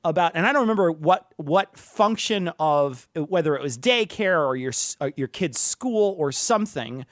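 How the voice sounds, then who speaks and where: A man's voice: a little high, animated, moderate pace, few pauses, dry recording, studio quality. A man co-hosting a casual podcast chat, profane and laughing, often mimicking others. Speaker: podcast co-host.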